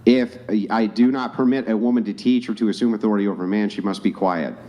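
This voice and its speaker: A man's voice: lowish voice, steady tone, quick pace, dark tone. A man reading Bible verses aloud and pressing his point in an insistent, lecturing debate. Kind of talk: confrontational debate.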